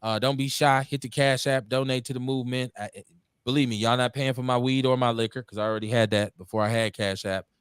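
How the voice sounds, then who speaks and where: A man hosting a call-in radio show talks with fiery conviction. He swings between loud, pitched-up rants and low, dropped asides, swearing as he goes. His voice is mid-pitched and sits close and dry on the mic. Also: steady tone, quick pace, clear, resonant tone, dry recording. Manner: fiery, preachy, swings between shouting and muttering, swears freely. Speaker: host. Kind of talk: impassioned call-in radio talk.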